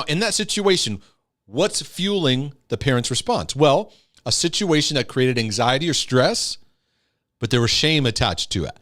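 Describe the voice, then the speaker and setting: A man's voice: medium pitch, a bit bright, no room sound, studio quality. A man giving an earnest, emphatic teaching talk on healing, sometimes acting out scolding parents. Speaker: Christian teacher and speaker.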